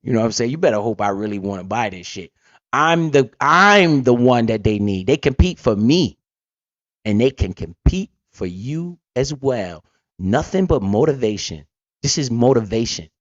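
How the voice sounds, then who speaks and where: A blunt, streetwise man hosting a profane, casual money-talk livestream, with big swings in pitch as he talks. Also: lively intonation, normal speed, no room sound, dull audio. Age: adult parent. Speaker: livestream host.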